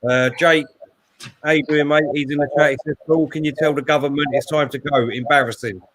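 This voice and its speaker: A man's voice: a little high, fairly even intonation, brisk, a bit bright, no echo. Guy hosting a live chat show, chatty and easygoing. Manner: chatty, greets chat viewers by name. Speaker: host. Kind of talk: casual live-stream chat.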